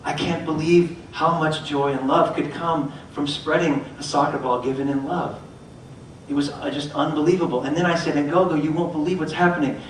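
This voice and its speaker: Middle-aged guy telling a story on stage, slightly high voice, big echo, mic kinda far off. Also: normal speed, slight background noise. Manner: animated, acts out voices in his stories. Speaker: motivational speaker. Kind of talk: storytelling talk. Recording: echoey hall, mic from far off.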